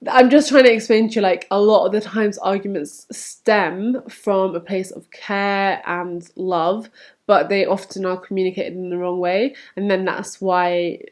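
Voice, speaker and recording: A young woman talks straight to her camera in a candid, chatty vlog. Her voice sits at a middle pitch, and she slips into animated little quotes when recounting conversations. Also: measured pace. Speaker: vlogger.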